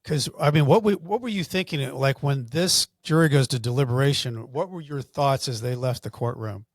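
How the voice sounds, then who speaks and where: A man's voice: mid-range voice, moderate pace, no echo. Male interviewer, dry close sound. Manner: reactive, interjecting short affirmations. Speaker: podcast host.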